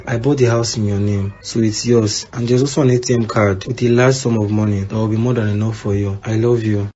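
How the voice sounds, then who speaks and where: A man's voice: lowish voice, warm tone, muffled recording, lightly acted. A man with a Nigerian accent voicing a dying man who earnestly apologizes to his fiancée in a letter.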